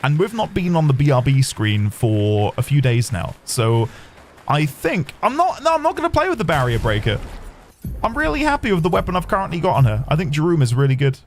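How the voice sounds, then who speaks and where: A male game streamer chats with his viewers in a lively, sing-song way. His pitch sits a little high, and faint room ambience hums behind him. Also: brisk, slight background noise. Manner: chatty, rambling, talks to chat. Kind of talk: casual gameplay streaming.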